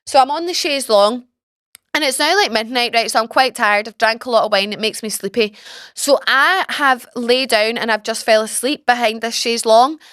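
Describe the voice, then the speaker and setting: A woman in her twenties hosting a podcast, telling stories in a chatty, animated way and swearing freely. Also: fairly high pitch, moderate pace, no echo, studio quality. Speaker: podcast host. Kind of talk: casual storytelling chat.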